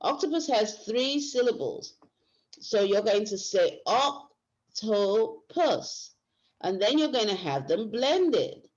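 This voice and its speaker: A woman's voice: medium pitch, lively intonation, unhurried, darkish tone. A woman teacher giving a workshop lecture, explaining step by step and often restarting her phrases. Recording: dull lo-fi recording.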